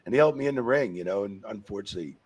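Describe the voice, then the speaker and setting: A low-pitched man with a gravelly, husky voice. He tells rambling stories in a relaxed interview, swearing freely and padding his lines with "you know" and "man.". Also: very fast. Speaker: guest, retired wrestling referee. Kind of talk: casual storytelling interview.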